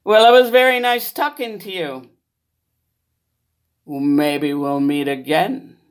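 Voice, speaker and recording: A woman voicing the big bad wolf in a storybook reading, sly and smooth. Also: low-pitched, takes it slowly.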